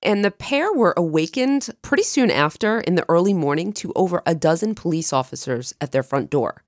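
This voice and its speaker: Lively low-voiced woman hosting a podcast. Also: brisk, dry recording, studio quality. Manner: lively, with big pitch jumps when excited. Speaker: podcast co-host. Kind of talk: true crime podcast chat and case narration.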